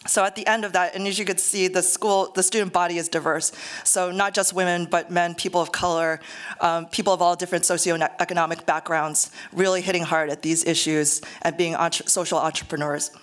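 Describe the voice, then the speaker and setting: A middle-aged woman gives a lecture to a live audience in an earnest, conversational way, with a dry joke here and there. Her voice sits on the low side and comes across smooth and clear. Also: level tone, a little fast, fairly bright tone. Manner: earnest, conversational, self-deprecating humor. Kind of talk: public lecture.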